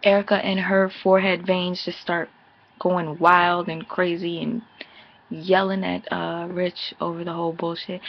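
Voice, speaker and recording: A woman with a husky, low, gravelly voice recaps a reality show at a moderate pace, casual and full of profanity. Blunt and sassy, she works as a TV episode reviewer and sometimes bursts into animated impressions of the cast. The audio sounds dull and lo-fi, like it was recorded at home.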